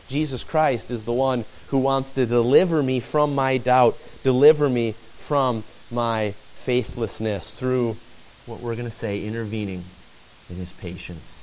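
A man's voice: medium pitch, a little slow, darkish tone, a little hiss or hum. A man preaching a sermon, retelling a scripture story with dramatic rises and drops in his delivery.

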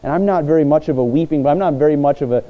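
A man preaching a sermon in an earnest way, pausing and restarting his phrases. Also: fairly high pitch, phone-quality sound. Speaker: pastor.

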